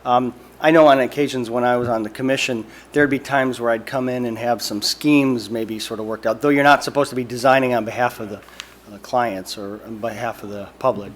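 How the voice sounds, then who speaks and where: A man's voice: medium pitch, steady tone, brisk, a little hiss or hum. A man, an architect, speaking in public comment at a city meeting, casual and conversational, often adding "right.". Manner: conversational, keeps saying "right". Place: council meeting room.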